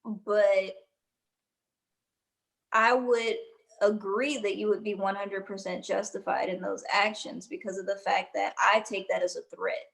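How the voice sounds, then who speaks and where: Woman reasoning out loud in casual chat. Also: mid-range voice, little pitch movement, measured pace, gravelly. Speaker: podcast co-host.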